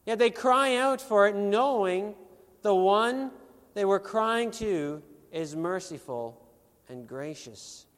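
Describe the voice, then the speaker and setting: A man with a high voice preaches a sermon slowly and deliberately. He presses his points in an earnest, emphatic way, with pointed rhetorical questions, and his voice rings with a long echo through a large hall. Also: lively intonation.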